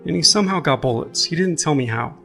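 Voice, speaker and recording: A man reading out the testimony of a young woman witness, in a halting manner with many fillers. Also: a little high, expressive, gravelly, pushed and bright, faint music behind, full character voice. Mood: shaken. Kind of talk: reading a courtroom transcript aloud.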